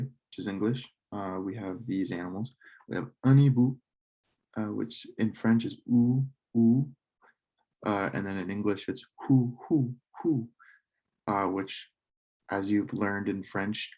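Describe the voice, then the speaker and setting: A man with a deep, mellow voice teaches a casual slideshow lesson. He talks in a relaxed, halting way and stops to correct himself now and then. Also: creaky. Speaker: French club teacher.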